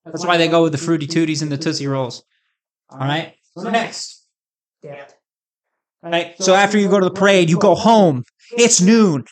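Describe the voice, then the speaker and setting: A man's voice: on the high side, fairly quick, a crowd in the background. Hyped-up rambling man ranting for laughs. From United States. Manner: hyped, rambling and jokey, with crude asides. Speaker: vlogger. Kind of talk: casual comedic rant to camera.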